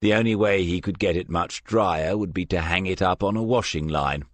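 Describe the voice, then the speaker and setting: A man narrating a detective novel audiobook in a measured, even storytelling manner. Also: sits low, dry recording. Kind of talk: scripted narration.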